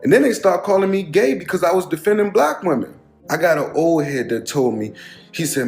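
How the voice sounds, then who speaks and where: A man's voice: on the high side, animated, a little fast, vocal fry, darkish tone, roomy sound, faint music behind. A man giving a heated, emphatic commentary with a lot of repetition, speaking straight to his followers. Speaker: social media commentator. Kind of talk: ranting commentary video.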